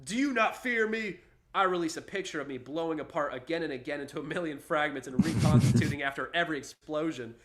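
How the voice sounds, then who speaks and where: Brief: man reading as a threatening, mocking invisible god; loud, domineering, bright tone. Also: a little high, quick pace, close to an everyday voice. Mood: menacing.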